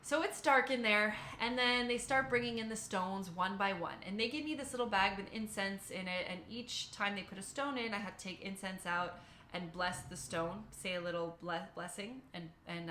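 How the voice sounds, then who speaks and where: A young woman recounts a personal experience to her viewers, bright and forceful in tone. She tells it animatedly and emotionally, acting out her own inner thoughts. The recording has a noticeable roomy echo. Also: medium pitch, a little hiss or hum. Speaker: vlogger. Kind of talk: personal storytelling.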